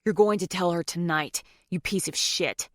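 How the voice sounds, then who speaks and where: A woman narrator plays a hot-tempered young man, desperate and quick to flare up. Her voice sits low and the recording is dry. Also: no echo, lightly acted. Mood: angry. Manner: pleading then furious outbursts.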